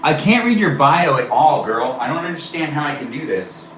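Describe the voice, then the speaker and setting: A man's voice: fairly high pitch, very animated, moderate pace, a bit bright, far from the mic, a little hiss or hum. Chatty man live-streaming from a roomy kitchen. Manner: chatty, playful, rambling, talks to viewers. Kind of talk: casual live-stream chat, reading chat aloud.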